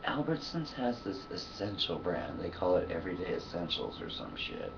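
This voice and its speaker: A man's voice: deep voice, huge pitch swings, moderate pace, creaky, distant mic, lo-fi sound, noisy background. A man talking to his camera in a loose, profane monologue, sleepy and yawning, laughing often between thoughts. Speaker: vlogger. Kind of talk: casual rambling monologue.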